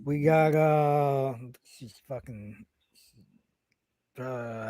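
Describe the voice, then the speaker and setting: A man's voice: on the high side, normal speed, no room sound, studio quality. A man co-hosting a casual wrestling podcast, bantering in a laid-back, profane way. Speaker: podcast co-host.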